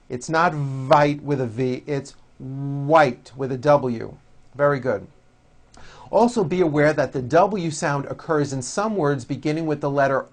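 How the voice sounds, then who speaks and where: A man teaching English pronunciation, modelling drill words with slow, carefully over-articulated speech and explaining the sounds between them. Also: mid-range voice.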